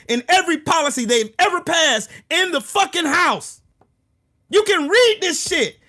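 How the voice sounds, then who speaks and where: A man hosting his own channel, delivering a heated, profane political rant that bursts into shouting. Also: extremely high pitch. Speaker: political commentary channel host.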